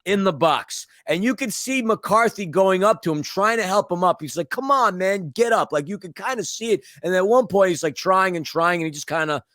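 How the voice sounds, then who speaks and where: Podcast co-host, man, slightly high voice, blunt sarcastic soccer recap, dry close mic. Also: fairly quick, few pauses, a bit bright, no room sound. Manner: blunt, ranting, sarcastic asides. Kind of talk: casual soccer recap chat.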